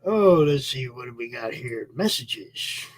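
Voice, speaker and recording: A man's voice: medium pitch, lively intonation, unhurried. A man co-hosting a casual online chat show, talking in a laid-back, rambling way. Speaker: co-host.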